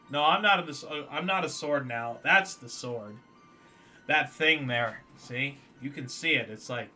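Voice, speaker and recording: A man's voice: on the high side, bright, forceful tone. A man casually commentating a game on a live stream, joking and teasing a viewer.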